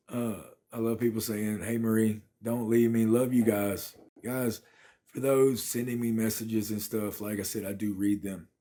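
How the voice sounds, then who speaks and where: A man's voice: fairly low pitch, warm tone. A man, chatting casually on a phone livestream from his apartment and thanking viewers by name. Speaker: livestream host.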